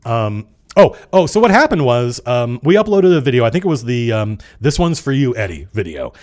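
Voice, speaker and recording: A middle-aged man hosting a casual livestream chat, talking fast and acting out the people he quotes, with some swearing. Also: mid-range voice. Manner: animated, swearing, acts out quoted players. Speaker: streamer and game designer hosting a live chat.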